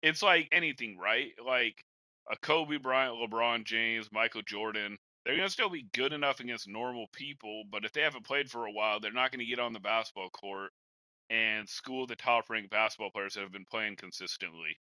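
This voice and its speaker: Hiccuping through the conversation, this young man rambles easily on his podcast, tossing "bro" and "man" at his cohost. He's a Madden gamer with a mid-range, pushed, bright voice at a moderate pace, captured in a rough recording with no echo.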